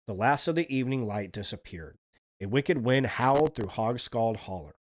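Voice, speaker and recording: A man hosting a livestream, telling spooky folk legends in a relaxed, chatty way and swearing casually. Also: mid-range voice. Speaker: streamer, host.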